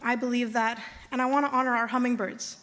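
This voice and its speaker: Earnest tribal leader, female, bright higher voice, measured ceremonial delivery. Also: steady tone. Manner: measured, earnest, calls for audience responses. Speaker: tribal chairwoman giving a land acknowledgement. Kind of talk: ceremonial address to an audience. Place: conference hall.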